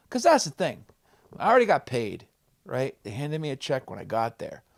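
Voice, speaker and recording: A man, a comedian guest on a podcast, telling a story with a profane, excitable manner and loud acted-out quotes. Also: medium pitch, moderate pace, gravelly. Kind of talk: animated storytelling. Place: podcast studio.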